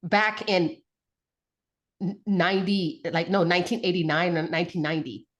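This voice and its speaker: A woman, a guest on a talk show, telling a childhood story in a casual, animated way with lots of fillers and restarts. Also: fairly low pitch, moderate pace, muffled recording. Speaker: podcast guest, mother.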